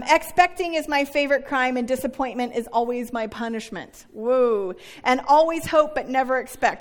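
A woman pastor in middle age delivers her sermon in a high, light voice. She is conversational and self-deprecating, often turning to the congregation with a quick "right?". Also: big-room sound. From Northern California. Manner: chatty and self-deprecating, with frequent "right?" asides.

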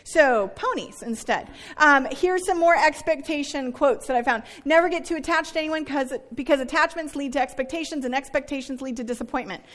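A woman pastor in middle age delivers her sermon in a high, light voice. She is conversational and self-deprecating, often turning to the congregation with a quick "right?". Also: fairly bright tone, in a large hall. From Northern California. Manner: chatty and self-deprecating, with frequent "right?" asides.

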